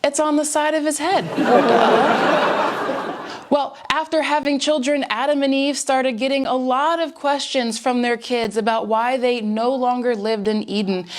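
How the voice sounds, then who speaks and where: A woman with a high voice tells church jokes one after another, unfolding each one as a little story. Now and then she pauses on a filler word before carrying on. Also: steady tone, slight background noise. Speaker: joke teller at a church service.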